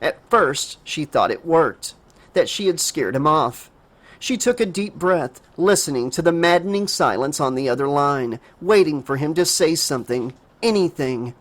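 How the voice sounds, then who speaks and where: A man narrating a horror audiobook dramatically, raising his pitch for a frightened girl's lines. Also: animated, normal speed. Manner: emotive reading, voices the girl in a higher pitch.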